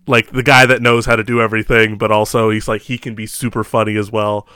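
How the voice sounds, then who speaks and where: A man's voice: lowish voice, flat delivery, fast, sharp tone, smooth, dry recording. A man co-hosting a movie podcast, chatting casually with lots of fillers and laughs. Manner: rambling, filler-heavy, frequent laughs. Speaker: podcast co-host. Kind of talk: casual chat.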